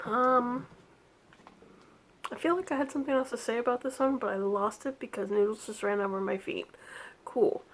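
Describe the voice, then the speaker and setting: A woman with a slightly high voice chats casually through a crafting vlog. She is easily distracted, laughs often, and breaks off now and then to scold her cat. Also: fairly even intonation, normal speed, pauses often. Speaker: cross-stitch vlogger.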